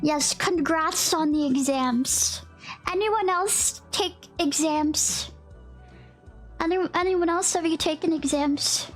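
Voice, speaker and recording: A woman's voice: extremely high pitch, takes it slowly, faint music behind. A young woman streaming from home, chatting casually with her chat in a bubbly way, gasping, giggling and greeting everyone with a howdy. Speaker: livestreamer. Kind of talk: casual livestream chat, reading chat.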